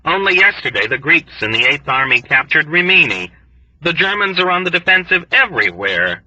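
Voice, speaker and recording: A man's voice: a little high, sing-song, a little fast, sharp tone, dry recording, highs cut off, pitched above the performer's own voice, exaggerated voice. A man reading an audiobook, voicing a self-pitying male military doctor who whines and complains mournfully. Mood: whining.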